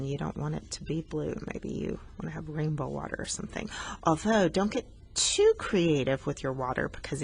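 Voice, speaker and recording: A woman's voice: low-pitched, vocal fry. A woman art teacher talking students through a coloring lesson, patient and explanatory, teasing herself now and then.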